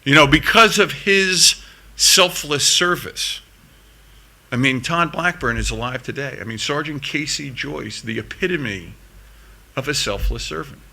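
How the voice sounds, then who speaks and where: A man's voice: fairly high pitch, animated, gravelly, pushed and bright. Earnest man telling a war story. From United States. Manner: earnest, repeats words, quickens with emotion. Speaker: conference speaker, veteran. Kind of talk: storytelling speech to an audience. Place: conference hall stage.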